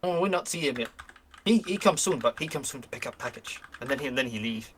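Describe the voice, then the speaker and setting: A man's voice: medium pitch, fast, a little hiss or hum, lightly acted. A man voicing an eager, simple-minded male goblin guard who talks in broken pidgin. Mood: conspiratorial. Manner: broken pidgin speech, excitable.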